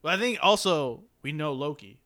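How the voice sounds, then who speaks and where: A young man co-hosting a podcast, chatting casually about shows and laughing often. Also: fairly high pitch. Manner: laughs often, animated and quick. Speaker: podcast co-host. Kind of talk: casual chat.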